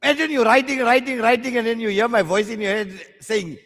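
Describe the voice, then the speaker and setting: A man's voice: very high-pitched, fast, a bit bright, in a large hall. A South African man teaching maths at a live exam workshop, joking with learners in slangy banter.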